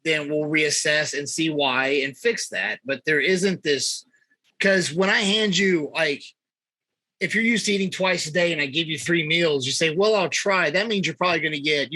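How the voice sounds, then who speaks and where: A man's voice: a little high, moderate pace, sharp tone, dry recording, low-quality recording. A man talking as a fitness coach in a casual podcast chat, blunt and emphatic, swearing freely.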